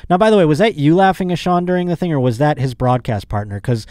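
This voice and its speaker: A man's voice: on the high side, fast, darkish tone, no room sound, studio quality. A man hosting his podcast in a casual comedic monologue, rambling and sarcastic. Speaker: podcast host.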